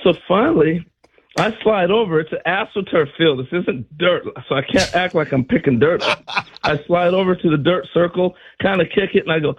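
An older man and former ballplayer telling animated stories on a sports radio show, acting out what others said. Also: sits high, moderate pace, slightly rough, dull audio. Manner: animated storyteller acting out quotes. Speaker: former player turned radio analyst.

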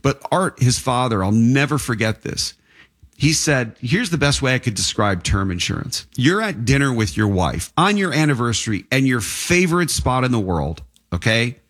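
A man talking insurance in a loose interview chat, his pitch rising and falling with lively swings at a middle register. He rambles from point to point, restarting his sentences as he goes. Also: moderate pace. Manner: animated, rambling storyteller with frequent restarts. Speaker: insurance agent.

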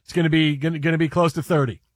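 A man hosting a sports radio show in a studio, talking in casual, animated banter and repeating himself for comic effect. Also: fairly high pitch, racing, dry recording. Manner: animated, repetitive, mock-dramatic asides. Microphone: studio microphone.

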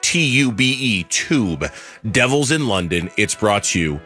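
Male radio host, animated and bright, easy joking studio chatter. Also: a little slow, breathy edge, faint music behind. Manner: animated, laughs often, swings pitch up for emphasis. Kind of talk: casual sports radio banter.

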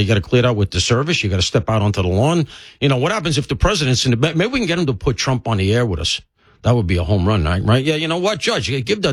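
Older NY talk radio host, animated pitch, dry studio sound, joking rambling delivery, a bit stuffy. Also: male voice, breathy edge, dry recording. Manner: chatty, joking, grumbling asides. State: stuffy from allergies. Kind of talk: casual talk radio monologue. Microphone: studio mic.

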